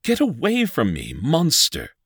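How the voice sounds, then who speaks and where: Terrified young woman, shrill and panicked, played by a male narrator, dry close audiobook sound. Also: huge pitch swings, unhurried, fairly bright tone, husky, dry recording, heavily acted. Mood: shrieking. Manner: shrieking, panicked.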